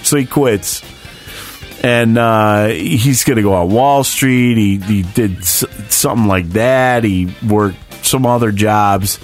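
A man's voice: lowish voice, slow, soft background music. Rambling, profane man retelling a movie. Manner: rambling storyteller, profane, laughs often. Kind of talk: casual chat.

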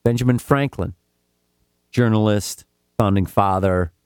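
A man's voice: on the low side, measured pace, smooth, no room sound, studio quality. A man co-hosting a casual comedic chat, telling stories with swearing and mock voices. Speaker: podcast co-host.

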